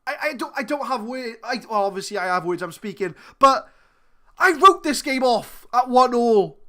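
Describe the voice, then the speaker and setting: A woman hosting a gaming channel, commentating her football management game live, thinking aloud and swinging between muttering and shouting. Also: a little high, lively intonation, normal speed.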